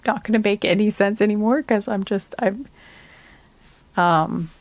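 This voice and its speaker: Tired lady reading tarot cards, soft and rambly, mid pitch, dry sound. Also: no room sound. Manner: soft-spoken, unhurried, trailing off with fillers. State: tired and sleepy. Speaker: tarot card reader. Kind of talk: relaxed pick-a-card reading, chatty and rambling.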